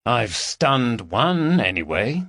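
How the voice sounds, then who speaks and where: Man doing a jokey laddish detective about thirty, from London, bright lively voice. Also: mid-range voice, slow, dry recording, studio quality, exaggerated voice. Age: around 30. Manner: easygoing, jokey.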